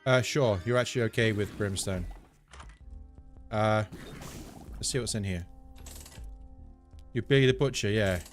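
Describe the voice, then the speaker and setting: A man's voice: lowish voice, measured pace, long pauses, soft background music. An English man chatting casually and digressively to viewers while streaming a video game. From England. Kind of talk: casual live-stream chat while gaming.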